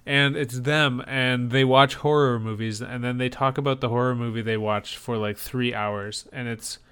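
Podcast dude rambling along, smooth clear voice, lots of likes. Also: male voice, mid-range voice, fairly even intonation, normal speed, fairly bright tone. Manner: rambling, many fillers and restarts. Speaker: podcast co-host. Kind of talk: casual chat.

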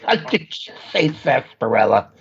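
A man's voice: medium pitch, very animated, measured pace, vocal fry, breathy edge, highs cut off, voice pushed up, heavily acted. A man voicing a fussy, motherly elderly aunt who frets, exclaims and calls everyone dear. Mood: fussing.

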